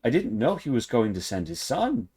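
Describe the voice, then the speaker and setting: A man's voice: medium pitch, wildly swooping pitch, normal speed, warm tone, husky. A man voicing a frightened noblewoman, the lady of the house, speaking in a fearful, pleading way. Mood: worried.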